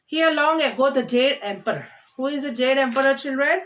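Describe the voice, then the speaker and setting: A woman's voice: sits high, expressive, brisk, a bit bright. A woman teacher with an Indian English accent giving a recorded class lesson, coaxing the children with repeated questions and drilling words in a sing-song way. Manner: repetitive, coaxing, keeps addressing the children with questions.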